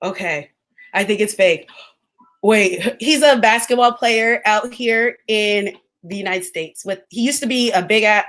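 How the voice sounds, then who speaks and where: A woman's voice: mid-range voice, normal speed, a bit bright. A young woman from southern California in a casual livestream chat. She talks back to her viewers and repeats herself a lot. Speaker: YouTuber on a livestream.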